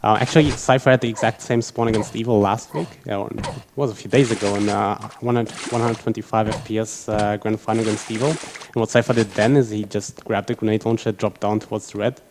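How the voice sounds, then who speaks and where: A man's voice: on the low side, fast talker, few pauses. A man giving color commentary on an online game match, explaining plays with a player's insight. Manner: thoughtful, explaining, slight stammering restarts. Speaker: esports co-caster and player. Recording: steady background noise.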